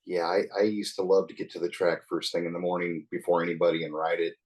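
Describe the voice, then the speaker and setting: A man's voice: low-pitched, level tone, quick pace, darkish tone, low-quality recording. A man in his sixties telling stories in a casual, rambling way as a podcast guest, often chuckling and saying "you know". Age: 60s. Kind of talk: casual storytelling.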